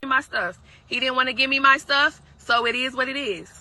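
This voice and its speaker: A woman's voice: high-pitched, normal speed, heavy background noise. A woman influencer talking bluntly and confrontationally in casual social media posts, often laughing.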